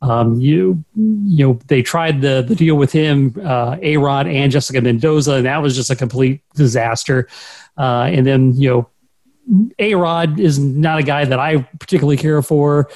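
A man's voice: mid-range voice, normal speed, darkish tone. A man hosting casual sports talk, chatty as he leads the segments. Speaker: podcast host.

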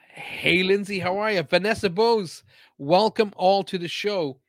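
A man's voice: high voice, a little slow, no echo. A man hosting a live-streamed show, chatting casually and reading out viewer comments in an upbeat way.

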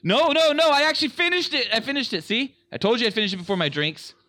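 A man co-hosting a crude comedy podcast, teasing his friends in a deadpan, mock-serious way. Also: extremely high pitch, quick pace, dry recording, studio quality. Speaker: podcast co-host.

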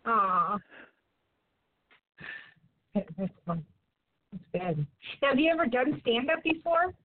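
A woman's voice: a little high, sing-song, slow. A woman hosting an interview who responds to her guest in an encouraging way. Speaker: interview host. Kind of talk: interview chat. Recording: tinny phone-like line.

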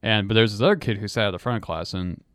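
Low-voiced man telling a rambling story. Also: fast, a bit bright, no echo, studio quality. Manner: rambling, laughs often, many restarts. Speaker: podcast co-host. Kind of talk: casual chat, storytelling.

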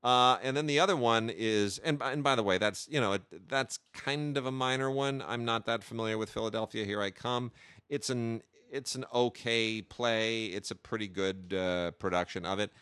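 A man's voice: mid-range voice, moderate pace, fairly bright tone, clear, resonant tone, no echo, clean studio sound. A man hosting a show, chatting casually and eagerly about film releases, with frequent hesitations and restarts. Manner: enthusiastic, with many hesitations and restarts. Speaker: podcast host reviewing film releases. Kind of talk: casual chat.

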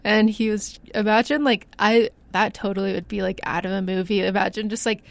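A woman's voice: medium pitch, steady tone, fairly quick, vocal fry. A young woman co-hosting a casual chat show, reading out listener stories, laughing often and saying "like" a lot. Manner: giggly, says "like" a lot. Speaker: podcast co-host.

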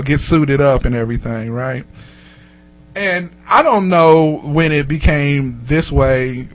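A man spins a rambling tale in casual conversation. His voice sits high and sounds bright and forward. He swears a lot, laughs through his lines and acts out every character he mentions. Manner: animated, profane, laughs often, acts out other voices. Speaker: podcast host telling a story. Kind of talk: casual storytelling chat.

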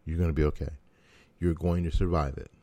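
A middle-aged man talks in a very low, deep voice, blunt and sarcastic with a folksy edge. He is an American talk show host riffing through an opinion monologue. The sound is dry and close, with no room around it. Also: little pitch movement, fairly quick, warm tone, dry recording.

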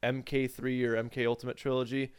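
A man co-hosting a casual podcast about fighting games, animated and sarcastic, swearing freely. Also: mid-range voice, fairly quick, clear, resonant tone, no room sound, clean studio sound. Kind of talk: casual gaming chat.

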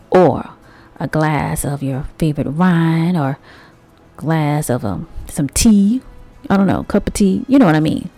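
A woman hosting a motivational monologue, talking conversationally to her listeners with drawn-out emphasis and rhetorical asides. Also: deep voice, expressive, mellow, soft background music. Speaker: host.

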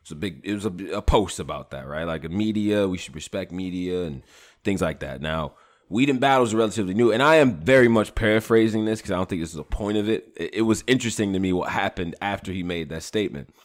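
A man with a fairly low voice leads a casual podcast conversation. His delivery is animated and loose, with wide swings in pitch. He rambles and swears freely. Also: fast. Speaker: podcast host.

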